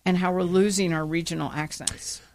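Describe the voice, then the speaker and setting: Woman, radio co-host, lowish voice, chatty, anecdote-telling, casual banter. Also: steady tone, moderate pace, a little mellow.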